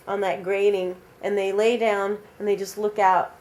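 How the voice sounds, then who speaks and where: A woman telling an original vampire story aloud in a casual, animated, rambling way, with many fillers. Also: medium pitch, normal speed, few pauses.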